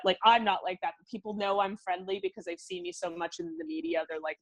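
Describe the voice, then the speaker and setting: A woman's voice: mid-range voice, steady tone, quick pace, few pauses. Chatty Canadian woman in her thirties. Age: 30s. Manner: chatty, laughs often, fillers like "like". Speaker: guest singer. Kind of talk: casual interview chat.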